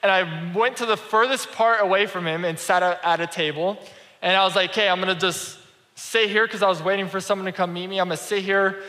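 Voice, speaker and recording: Pastor, male, chatty storyteller sermon; bright tone, big reverberant room. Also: high voice, fairly even intonation, a little fast. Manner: conversational storytelling, acts out quoted dialogue. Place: church sanctuary. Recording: reverberant church hall.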